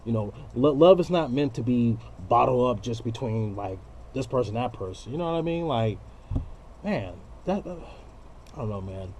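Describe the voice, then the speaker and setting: A man's voice: mid-range voice, animated, moderate pace, darkish tone, a little hiss or hum. A man ranting straight to camera in an unscripted vlog, blunt, profane and slangy, preaching about love. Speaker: vlogger.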